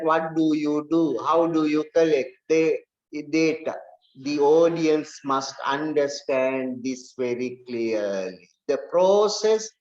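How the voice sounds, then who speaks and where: A man lecturing a class, emphatic and repeating his key points for stress. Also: mid-range voice. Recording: echoey room, dull lo-fi sound.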